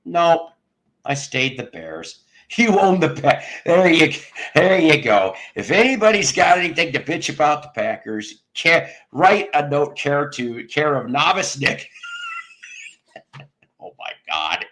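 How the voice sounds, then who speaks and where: A man's voice: on the high side, sing-song, unhurried, fairly bright tone. Rambling jokey man hosting a stream. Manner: rambling, jokey, crude humor, laughs at own jokes. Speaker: livestream host. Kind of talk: casual chat with live viewers.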